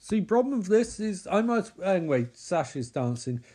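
A man's voice: high voice, big pitch swings, normal speed, warm tone, slight background noise. A man giving sarcastic running commentary on a movie he is watching, swearing and mocking the characters. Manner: sardonic, swears, mocks the characters in put-on voices.

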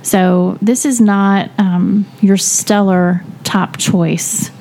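A woman co-hosting a faith discussion, reflective, slow and earnest. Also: mid-range voice, fairly even intonation, mellow, a little hiss or hum.

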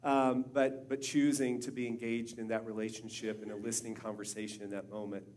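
A middle-aged man talks easily at a church gathering and trades stories with his daughters. His speech is relaxed and chatty, full of small restarts. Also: on the low side, fairly quick.

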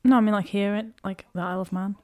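Chatty co-host woman in a casual watch-along podcast. She laughs easily and tosses out quick asides in an ordinary mid-pitched voice. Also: steady tone.

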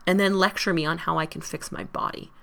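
Woman reading a hurt frustrated young woman, pleading, lowish bright voice. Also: steady tone, brisk, vocal fry. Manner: earnest, pleading, insistent.

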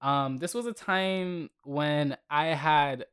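A man's voice: fairly high pitch, slow pace, smooth, no echo. Heated young man ranting, dry sound. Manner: heated, profane, animated storytelling. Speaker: podcast host. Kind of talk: casual storytelling rant.

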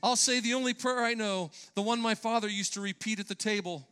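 Preacher acting out a scared man running from a bull, frantic shouting, high clear voice. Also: a little fast, big-room sound. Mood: panicked. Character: panicked man fleeing a bull, frightened.

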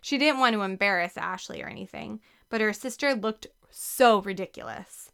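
Bright, clear woman reading aloud. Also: medium pitch, normal speed. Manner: lively, expressive reading. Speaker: audiobook narrator. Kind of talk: scripted narration.

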